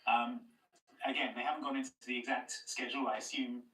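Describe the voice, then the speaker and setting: A man playing a frontier bounty broker who hands out the job in quick, hesitant speech full of ums. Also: medium pitch, level tone, a loud crowd, lightly acted. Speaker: quest giver in a played show. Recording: show sound played from a distance in a roomy space, music under it.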